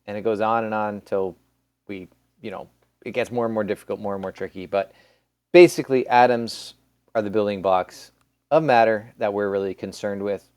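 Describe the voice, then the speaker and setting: A man's voice: lowish voice, a little mellow, clear, resonant tone, no echo. A man teaching a recorded science lesson in a casual, rambling way, with many restarts and fillers. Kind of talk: recorded classroom lecture.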